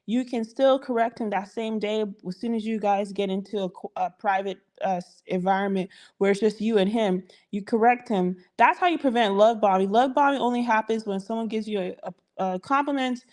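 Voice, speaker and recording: A woman giving casual relationship advice on a group call, acting out bits of dialogue as she talks. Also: medium pitch. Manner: animated, acts out quoted dialogue. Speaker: relationship coach.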